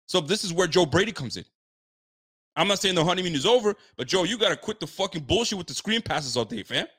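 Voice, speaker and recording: A man's voice: sits high, expressive, quick pace, fairly bright tone, husky. A man giving a frustrated, blunt post-game reaction, repeating himself and using casual slang. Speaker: sports fan commentator.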